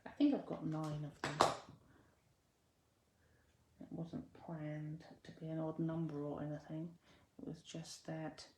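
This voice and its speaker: A woman's voice: sits low, a little mellow, reverberant, slight background noise. A woman demonstrating card making in a chatty, self-correcting way, sometimes dropping to a near-whisper while she concentrates. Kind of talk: casual crafting tutorial.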